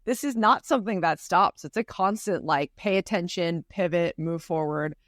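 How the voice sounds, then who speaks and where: A woman's voice: fairly low pitch, moderate pace, dry recording, clean studio sound. A woman co-hosting a podcast, talking bluntly and casually, with some swearing. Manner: blunt and swearing, laughs easily. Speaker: podcast co-host.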